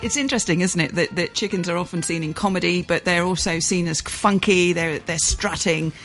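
A woman presenting a radio programme and interviewing a guest, with a crisp delivery. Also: fairly low pitch, a little fast, music in the background.

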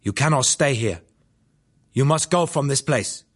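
A man's voice: medium pitch, a little slow, husky. A man voicing a struggling Hong Kong businessman who speaks blunt, broken English. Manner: broken English, short plain sentences.

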